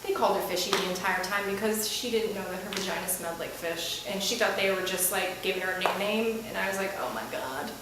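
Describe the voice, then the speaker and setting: A woman telling a comic story live on stage before an audience, animated, exasperated and self-mocking. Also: mid-range voice, fast, few pauses, distant mic, noisy background. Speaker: comedic storyteller. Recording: echoey room picked up from afar.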